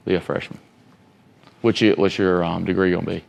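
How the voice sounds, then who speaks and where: Male motivational speaker, low gravelly voice, emphatic off-the-cuff delivery that quizzes the room. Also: flat delivery, fairly quick. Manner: emphatic, rambling, asks the room questions. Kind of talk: informal motivational talk to students.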